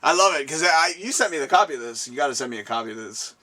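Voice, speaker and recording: A man hosting a casual interview at a guest's home, excitable and rambling, laughing often, recorded from a distance. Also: medium pitch, racing. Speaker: show host. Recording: distant mic, faint room ambience.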